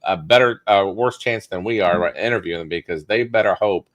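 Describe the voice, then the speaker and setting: A man's voice: low-pitched, a little fast, no room sound. A man co-hosting a casual podcast chat, blunt and opinionated with a self-deprecating streak. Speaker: podcast co-host.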